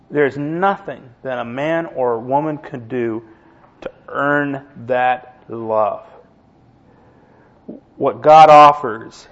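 A man in his sixties preaching a sermon, telling everyday stories with humorous asides. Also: mid-range voice. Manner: conversational storytelling with humorous asides. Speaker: pastor. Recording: dull lo-fi recording.

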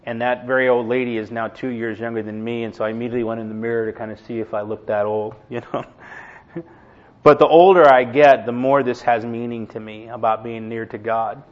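A man's voice: mid-range voice, fairly even intonation, fairly quick. A man in his sixties preaching a sermon, telling everyday stories with humorous asides. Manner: conversational storytelling with humorous asides. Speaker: pastor. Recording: dull lo-fi recording.

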